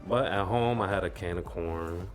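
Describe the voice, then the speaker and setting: A man's voice: deep voice, normal speed. A man talking as a podcast guest in a casual, laid-back way and laughing easily. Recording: music playing clearly behind the voice.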